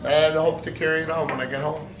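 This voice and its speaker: A man's voice: a little high, level tone, quick pace. A veteran man sharing how he has grown, stammering and repeating words as he searches for them. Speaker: veteran on the expedition. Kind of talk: personal testimony. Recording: roomy echo.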